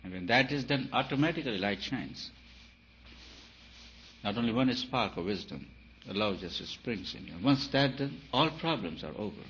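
A man giving a spiritual talk, emphatic and repetitive, his voice swelling and dropping in loudness. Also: medium pitch, expressive, moderate pace. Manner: emphatic, repeats phrases, rises and falls in loudness. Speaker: spiritual teacher. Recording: dull lo-fi recording with faint hiss.

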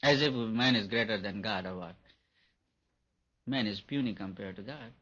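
Husky man teaching meditation. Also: fairly low pitch, moderate pace, fairly bright tone. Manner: earnest, repetitive and emphatic, laughs at his own points. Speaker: spiritual teacher. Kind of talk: meditation lecture to an audience. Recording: dull lo-fi recording.

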